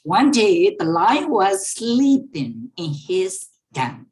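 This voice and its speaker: Brief: female teacher, online class, patient storytelling, repeats every line, very slow pace. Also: medium pitch, big pitch swings, a little mellow. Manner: slow, repeats each sentence and explains words. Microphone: online class microphone.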